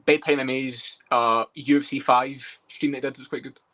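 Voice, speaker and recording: A man's voice: medium pitch, fairly even intonation, normal speed, a bit bright. A man co-hosting a casual stream, relaying chat messages and hedging his opinions.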